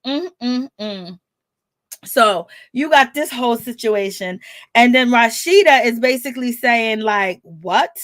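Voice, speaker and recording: A woman recapping reality TV in a loose, gossipy way. Her voice sits fairly high and she laughs easily as she acts out the scenes. The sound is dry and close, with no room around it. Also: slow pace, no echo. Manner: animated, laughing, reenacts quotes with rising squeals.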